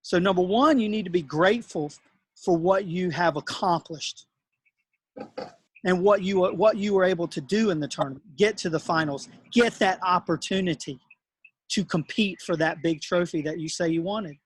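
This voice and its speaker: A middle-aged man, a tennis coach and host, telling a personal story in a relaxed, earnest way and acting out the dialogue. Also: high-pitched, moderate pace, breathy edge, dry recording.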